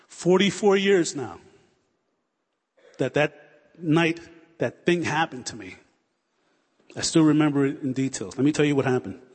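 A man in his forties preaches with rising fervor, circling back on phrases as he builds to prayer. His voice sits a touch high and has a husky edge. It rings out with a long reverb, as in a church hall. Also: lively intonation, a little slow, long pauses. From United States. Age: 40s. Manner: fervent, repetitive, building to prayer. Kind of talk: sermon.

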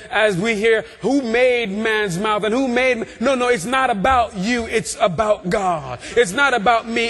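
A man preaching a sermon with passion, building through repeated phrases and rising to shouts. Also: extremely high pitch. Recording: long reverb of a large hall.

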